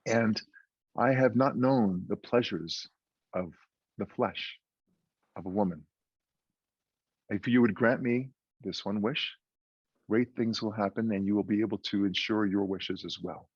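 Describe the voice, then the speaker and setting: A man's voice: lowish voice, unhurried, long pauses, slightly rough, no echo. A man voicing an eloquent male genie freed from a lamp, speaking in formal, stately phrases. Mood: grand. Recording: dull muffled dry audio.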